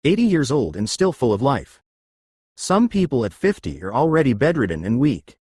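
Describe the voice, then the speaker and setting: A man's voice: medium pitch, very animated, normal speed, a little mellow, breathy edge, dry recording, clean studio sound. A man leading exercise and breathing drills, giving step-by-step commands and coaching his listeners through each movement. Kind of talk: guided exercise instruction.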